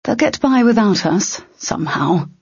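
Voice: mid-range voice, animated, unhurried, slightly rough, no room sound, voice pushed up. A narrator voicing a determined young woman thief who keeps a forced lightness under pressure, in an audiobook reading. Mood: wry. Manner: tense, forcing lightness. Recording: dull, slightly lo-fi dry recording.

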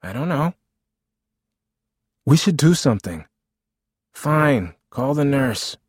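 A man reading aloud voices an ill, weary middle-aged mother who answers in short, flat replies. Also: mid-range voice, takes it slowly, husky, dry recording, studio quality, pitched above the performer's own voice, exaggerated voice. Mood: curt. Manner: terse, flat-spoken replies.

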